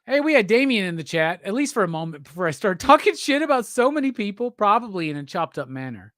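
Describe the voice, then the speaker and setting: A man's voice: high-pitched, big pitch swings, quick pace, a bit bright, no room sound. Drunk guy ranting on his stream, cursing and ribbing people, voice jumping all over, dead dry room. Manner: profane, teasing, rambling. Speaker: livestream host. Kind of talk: casual livestream chat.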